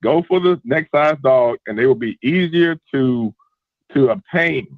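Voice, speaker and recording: A congested man calls in and calmly gives advice, stumbling over a few words. His voice comes through a dull, slightly lo-fi line with a dry sound. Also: medium pitch, measured pace, dry recording. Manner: steady advice-giving, some restarts. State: stuffy, congested. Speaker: caller.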